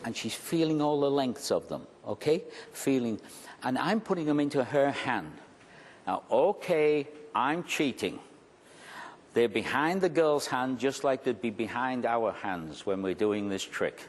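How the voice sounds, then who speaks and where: A man giving a conference talk as a magician, telling a story in an animated way and repeating his key phrases for emphasis. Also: mid-range voice, normal speed. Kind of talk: storytelling lecture. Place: large conference hall. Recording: long hall reverb.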